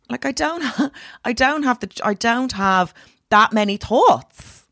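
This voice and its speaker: A woman's voice: on the high side, moderate pace, fairly bright tone, no echo, studio quality. A woman guesting on a podcast, chatting casually in a playful, self-mocking way.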